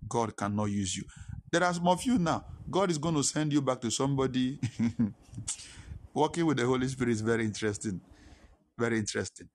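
A man preaching a sermon, telling a personal story and swinging between hushed and emphatic delivery. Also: mid-range voice, animated, fairly quick, pauses often, slight background noise.

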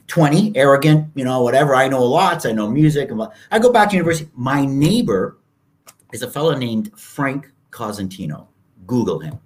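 A man's voice: medium pitch, expressive, brisk. A man in his fifties, a podcast guest, telling stories and acting out quoted people in raised voices. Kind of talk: storytelling interview talk.

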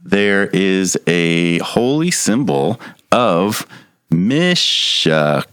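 Game master, male, very low voice, dry close sound, relaxed, halting narration. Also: clean tone, dry recording. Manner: relaxed, halting, with many fillers and restarts.

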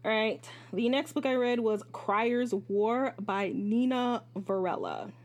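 A woman's voice: fairly high pitch, takes it slowly. Chatty, frank woman reviewing books. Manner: candid and chatty, swears freely; animated, jumps between asides and self-corrections. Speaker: podcast host reviewing books. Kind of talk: casual book review monologue.

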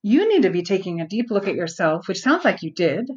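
A woman's voice: mid-range voice, very animated, a little fast. Earnest woman with a muffled sound. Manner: earnest, reflective, searching for words. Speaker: outreach worker and guest. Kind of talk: conversational interview.

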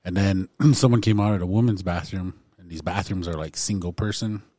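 A man hosting a casual podcast, telling a funny anecdote in an animated way. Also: deep voice, fairly quick, dry recording. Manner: animated storyteller, acts out voices in anecdotes. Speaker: podcast host.

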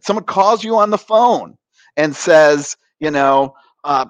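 A man's voice: a little high, moderate pace, no room sound. A man, a coach being interviewed, explaining ideas in a conversational way and acting out quoted voices with animation.

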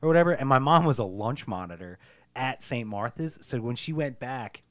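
A man's voice: medium pitch, lively intonation, moderate pace, no echo. Man, rambling profane storytelling, casual podcast chat, dry close sound. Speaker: podcast co-host.

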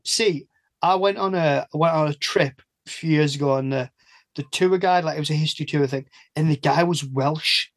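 A man's voice: a little high, no echo. A British man chatting as a podcast guest, rambling, restarting his sentences and laughing between thoughts. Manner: rambling, self-interrupting, laughs often. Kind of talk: casual chat.

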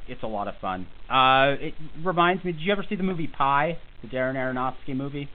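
A man's voice: mid-range voice, animated, fast talker. Guy hosting a podcast, jokey and rambly, bouncy voice, sounds like it's over a phone. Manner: rambling, joking, self-deprecating. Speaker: podcast host. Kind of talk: casual chat. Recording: tinny phone-like audio with faint hiss.

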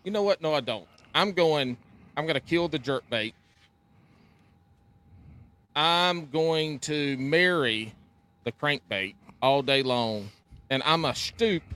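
A man's voice: mid-range voice, expressive, takes it slowly, long pauses, a bit bright. A man co-hosting a casual fishing podcast, talking emphatically and ribbing the others.

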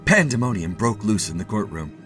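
Low-voiced expressive male storyteller. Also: soft background music. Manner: expressive, measured. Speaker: narrator. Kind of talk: storybook reading.

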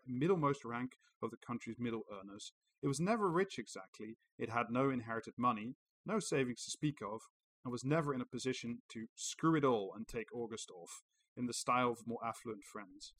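A man's voice: mid-range voice, low-quality recording. A man co-hosting a podcast, reading an article aloud and adding sarcastic, profane commentary. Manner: sarcastic, swears freely. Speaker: podcast co-host.

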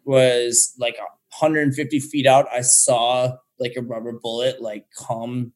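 Profane, animated young man telling a story. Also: medium pitch, slow pace. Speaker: guest. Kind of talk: casual storytelling.

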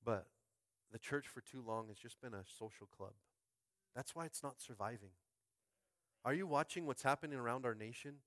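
A man preaches with fervor as the pastor of a small church. He drifts between soft, thoughtful musing and shouted climaxes, calling out to his congregation. His voice sits at a middle pitch and is captured dry and close. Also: normal speed, pauses often, dry recording. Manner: fervent, swings from quiet musing to shouted climaxes; calls out to the congregation. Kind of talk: sermon. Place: school space used as a church.

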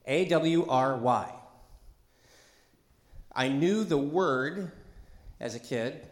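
A man's voice: a little high, lively intonation, extremely slow, echoey room. A middle-aged man, a pastor, giving a conversational sermon in a church, chatty and joking, with asides and call-and-response to the congregation. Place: church sanctuary.

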